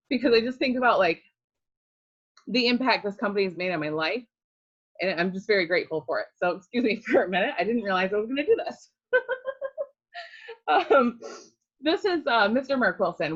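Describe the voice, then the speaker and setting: An earnest woman with a lowish voice tells her own story in a heartfelt way and often stops to search for words. The recording sounds slightly muffled and lo-fi. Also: a bit bright. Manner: earnest, with frequent um fillers. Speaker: network marketing distributor. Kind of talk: personal testimonial.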